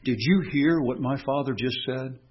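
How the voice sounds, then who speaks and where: A man preaching a sermon, swinging between raised, emphatic declarations and quiet, tender passages. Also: mid-range voice, moderate pace, husky, highs cut off. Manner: impassioned, swinging from raised, emphatic lines to quiet, soft reflection.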